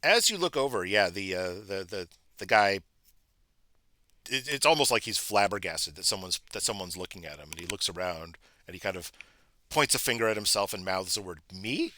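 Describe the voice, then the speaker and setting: A man's voice: deep voice, lively intonation, fairly quick, sharp tone, no room sound. A man narrating as game master of a tabletop game, chatty and full of restarts. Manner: chatty, with frequent restarts and filler.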